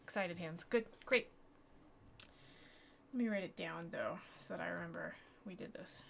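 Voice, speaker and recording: A woman's voice: fairly low pitch, normal speed, gravelly, a little hiss or hum. A woman game master in casual tabletop talk, thinking aloud with many fillers.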